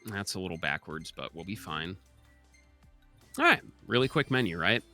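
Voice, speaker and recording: A man's voice: low-pitched, lively intonation, normal speed, sharp tone, faint music behind. A young man giving chatty, explanatory live commentary during a speedrun, with many filler ums.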